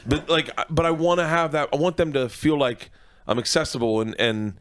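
A man in his forties, a comedian guest telling stories in a casual radio studio interview, rambling and excitable, restarting his sentences often. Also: on the high side, moderate pace.

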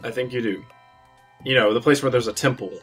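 Young man with a bright, teasing voice. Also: mid-range voice, a little fast, soft background music. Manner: relaxed, teasing banter with hesitations. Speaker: let's play co-host. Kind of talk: casual gameplay chat.

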